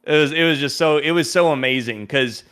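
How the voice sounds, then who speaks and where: A man tells a story in a relaxed podcast conversation, putting on voices for the people in it. His voice is bright and sits a little high. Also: brisk, clear, resonant tone. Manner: animated storyteller who acts out quotes. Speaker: podcast guest. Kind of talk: casual storytelling.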